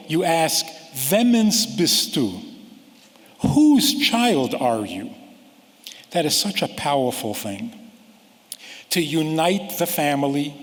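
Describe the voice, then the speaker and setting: A man giving a rabbi's sermon-style lecture, slow and deliberate, with long pauses and sudden drops to a quiet voice. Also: on the high side, long reverb tail. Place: large lecture hall.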